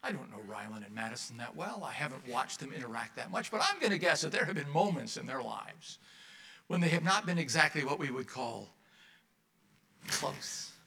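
Bright-voiced man preaching a sermon. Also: medium pitch, sing-song, brisk, creaky. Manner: conversational preaching, asks the congregation questions, wry asides. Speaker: pastor. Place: church.

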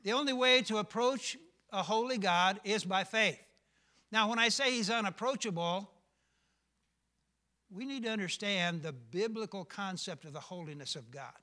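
A man's voice: sits high, normal speed, sharp tone. An older male pastor preaching a sermon, emphatic, often asking the congregation questions.

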